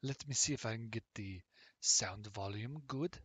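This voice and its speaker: A man's voice: fairly low pitch, moderate pace, a bit bright, breathy edge, no echo. A man talking casually as a game streamer in a rambling, chatty way with plenty of fillers. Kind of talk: casual gaming commentary.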